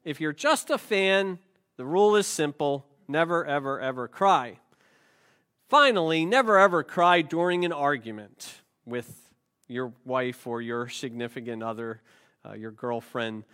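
A man's voice: a little high, a little slow, a bit bright, clean tone. A middle-aged man preaching a sermon, talking in a loose, joking, conversational way with frequent restarts. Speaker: pastor.

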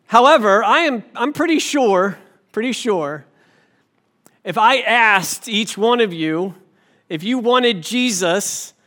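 A man preaching to his congregation in a church. His voice sits high for a man. He talks in a relaxed, conversational way and pulls the listeners in with questions. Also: takes it slowly. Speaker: pastor. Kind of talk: sermon.

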